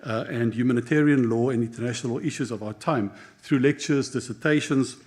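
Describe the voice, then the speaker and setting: Man giving a measured keynote speech. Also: mid-range voice, darkish tone. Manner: measured, with frequent um and uh. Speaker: keynote speaker. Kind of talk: formal ceremony speech.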